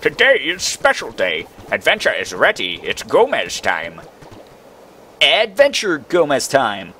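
A man playing a halting old village elder. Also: medium pitch, wildly swooping pitch, bright, forceful tone, a little hiss or hum, heavily acted, rough recording.

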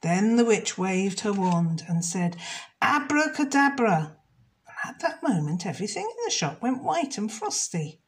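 A woman reading a children's story aloud, slow and expressive. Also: mid-range voice.

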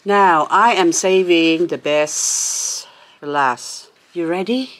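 A woman's voice: fairly low pitch, slow. A woman hosting a plant haul vlog, chatty and gushing, laughing often as she unwraps her plants. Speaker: succulent channel host.

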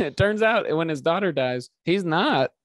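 A man's voice: a little high, expressive, measured pace, no room sound, studio quality. A man co-hosting a casual film podcast, joking in a playful, mock-serious way. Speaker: podcast co-host. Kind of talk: casual movie-review banter.

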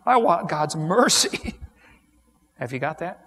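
A male evangelist preaching a sermon, an animated storyteller who laughs at his own jokes and appeals directly to the listener. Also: sits high, drawn-out words, long pauses, slightly rough.

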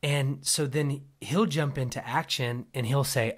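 A man's voice: medium pitch, unhurried. A young man co-hosting a casual faith podcast, joking and laughing often as he talks. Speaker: podcast co-host.

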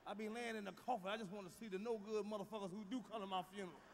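Loud, profane stand-up comic, high voice. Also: male voice, steady tone, rapid-fire. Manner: loud, profane, booming delivery, shouts punchlines. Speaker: stand-up comedian. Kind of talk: stand-up routine. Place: large theater stage. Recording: live stage recording, big hall reverb, faint crowd noise.

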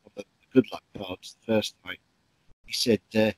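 Actor telling stories, slightly low voice. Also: male voice, steady tone, moderate pace, darkish tone, no echo, poor audio. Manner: chatty, frequent ums and restarts. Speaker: stage actor, guest. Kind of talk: interview anecdotes.

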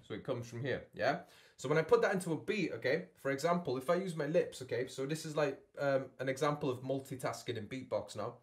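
A man leads an online beatbox lesson from his home studio. His voice sits slightly high and carries a gravelly edge. He keeps his learners with him, checking in with "okay?" after each step. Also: a little fast. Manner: encouraging, checks in with "yeah?" and "okay?". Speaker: beatbox tutor. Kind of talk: online workshop teaching.

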